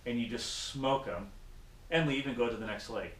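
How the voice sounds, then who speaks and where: A man chatting casually about fishing, an animated storyteller who acts out other people's lines. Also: medium pitch, normal speed. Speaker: guest angler. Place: in a car on the road. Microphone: action camera. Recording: echoey and distant, faint noise.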